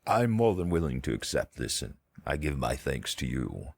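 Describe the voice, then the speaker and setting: Deep gravelly-voiced man role-playing. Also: sing-song, normal speed, dry recording. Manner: formal, old-fashioned phrasing. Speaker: player. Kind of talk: in-character tabletop role-play.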